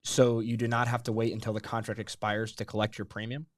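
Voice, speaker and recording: A lower-voiced man reads viewer questions aloud at a brisk clip. His tone is friendly and matter-of-fact, and the sound is dry and close. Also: flat delivery, no room sound. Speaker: co-host reading viewer questions. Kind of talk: live webinar Q&A.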